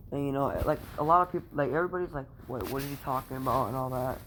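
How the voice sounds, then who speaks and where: A man telling a made-up fan story off the cuff, his voice at an ordinary middle pitch. He rambles, filling the gaps with "you know" and "like" and swearing freely. A faint hiss sits under the recording. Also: rapid-fire. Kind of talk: casual improvised fan-fiction storytelling.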